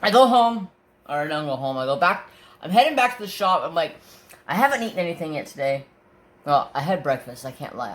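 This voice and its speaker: A craft channel host chatting casually, telling a profane story and acting out everyone's lines. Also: male voice, mid-range voice. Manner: profane, animated storytelling that acts out voices. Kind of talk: casual chat.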